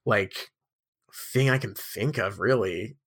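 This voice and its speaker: A man's voice: on the low side, slow, fairly bright tone, slightly rough. A man co-hosting a podcast in casual chat, rambling and jokey with lots of fillers. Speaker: podcast co-host.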